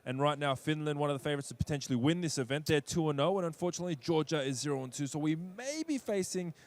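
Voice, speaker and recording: A man's voice: fairly high pitch, fast talker, dry recording. A young man leading casual esports commentary, friendly, giving context and tossing questions to his partner. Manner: friendly, hosting, sets up context and asks co-caster questions.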